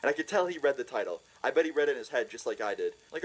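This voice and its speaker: A young man telling a funny story for a vlog, excitable and profane, laughing as he goes. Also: mid-range voice, rapid-fire, few pauses, breathy edge, poor audio. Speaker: vlogger.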